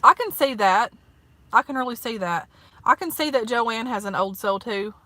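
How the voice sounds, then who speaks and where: A woman's voice: on the high side, lively intonation, normal speed, fairly bright tone, no echo. A woman in her thirties with a Southern US accent, chatting casually in a folksy way from her parked car for her vlog. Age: 30s. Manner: chatty and folksy, peppered with "honey" and "like". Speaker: vlogger. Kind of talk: casual eat-with-me vlog chat.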